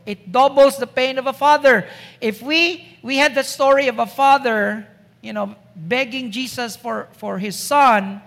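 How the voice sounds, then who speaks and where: Slow emphatic woman preacher. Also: fairly high pitch, fairly bright tone. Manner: emphatic, rhetorical questions. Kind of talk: sermon. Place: church. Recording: echoey church hall.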